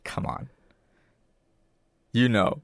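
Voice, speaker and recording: A man co-hosting a casual podcast chat, halting with fillers and restarts, teasing the others. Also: no echo, studio quality. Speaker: podcast co-host.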